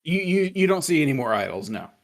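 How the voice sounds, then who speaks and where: A man narrating as game master in a tabletop game, joking and punning as he slowly describes the scene. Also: fairly high pitch, big pitch swings.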